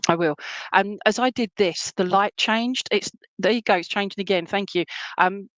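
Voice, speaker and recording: A woman's voice: mid-range voice, fairly bright tone, no room sound. Chatty woman medium, dry sound. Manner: chatty and reassuring, checks in with "okay?" and "all right?"; relays spirit messages in a homely, colloquial way. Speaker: spiritualist medium. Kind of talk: mediumship reading in an online church service.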